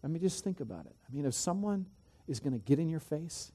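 A middle-aged man preaches a sermon in a mellow, slightly high voice. He leans hard on key phrases, then drops to quiet, conversational asides with the congregation. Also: big pitch swings, fast talker, slightly rough. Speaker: pastor.

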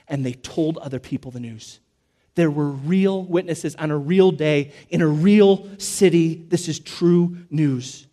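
Emphatic preaching man, high and mellow. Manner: emphatic, repetitive preaching with slow stressed phrases and sudden drops. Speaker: pastor. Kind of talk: sermon.

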